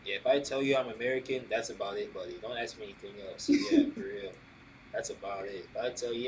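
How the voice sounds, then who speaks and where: A man in a loose podcast conversation, tossing out "bro" and "right?" as he builds his points. His voice sits at an ordinary middle pitch with a faint background hiss. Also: fairly quick, rough recording. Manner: animated, says "bro" and "right?" often, asks questions. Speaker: podcast host. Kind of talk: casual podcast chat.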